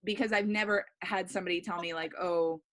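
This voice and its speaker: A woman's voice: lowish voice, steady tone, a little fast, fairly bright tone. A young adult woman, an improv student, talking earnestly in a class discussion and saying "like" often. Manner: chatty, full of "like", earnest.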